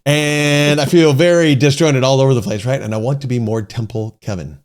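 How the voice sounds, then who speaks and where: A man's voice: mid-range voice, steady tone, a little fast, smooth. A man co-hosting a podcast, talking in an easygoing, reflective way and laughing easily. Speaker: podcast co-host. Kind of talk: casual chat.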